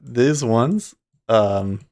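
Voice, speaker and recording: A man's voice: medium pitch, a little mellow. A man hosting a livestream in casual chat, rambling and breaking off mid-sentence, often laughing. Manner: rambling, self-interrupting, quick to laugh. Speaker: livestream host.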